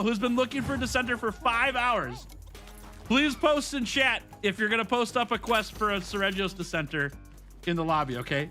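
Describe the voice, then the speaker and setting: A man in his thirties, a gaming streamer, chatting casually with his live viewers, upbeat and quick to laugh. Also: high-pitched, pushed and bright, faint music behind.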